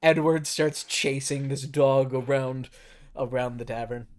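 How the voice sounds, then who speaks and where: A man narrating as dungeon master of a tabletop game, relaxed and halting, with pauses and fillers. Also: mid-range voice.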